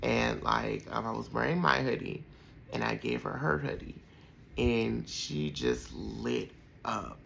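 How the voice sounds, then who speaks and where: Podcast host, male, 30s, heavy vocal fry, animated pitch, heartfelt rambling storyteller. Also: slow, slight background noise, low-quality recording. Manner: heartfelt, rambling with many fillers. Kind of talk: personal reflective storytelling.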